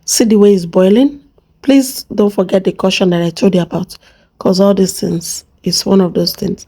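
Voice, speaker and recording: A woman with a Nigerian accent chats through a cooking vlog in a playful, talkative way, addressing her viewers directly. Her voice is mellow and relaxed rather than bright, with a mid-range pitch. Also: normal speed, creaky, husky. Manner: playful, chatty, talks to viewers and her pot. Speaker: cooking channel host.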